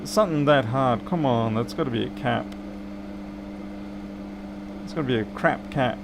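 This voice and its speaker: A man's voice: mid-range voice, normal speed, gravelly, noisy background. A man, a repair technician bantering with viewers and muttering to himself while he works on a live stream.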